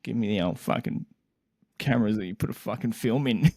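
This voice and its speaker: Swearing bloke telling a story. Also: male voice, fairly low pitch, brisk, vocal fry, husky, dry recording, clean studio sound. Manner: animated, exasperated, swears constantly, laughs mid-sentence. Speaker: podcast co-host. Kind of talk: casual storytelling chat.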